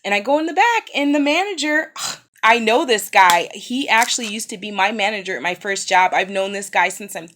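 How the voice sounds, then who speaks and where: A woman in her thirties recounts a bad day in a casual vlog. She talks at a middling pitch, hesitating with fillers and restarting her sentences. She sounds upset and worn from pain after recent surgery. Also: expressive, normal speed, a bit bright, slight background noise. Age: 30s. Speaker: vlogger.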